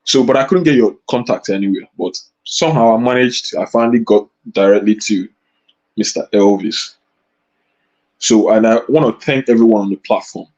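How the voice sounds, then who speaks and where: A Nigerian man speaking at an online debate, effusive and grateful, with halting starts. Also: on the low side, a little mellow. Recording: dull lo-fi online call audio.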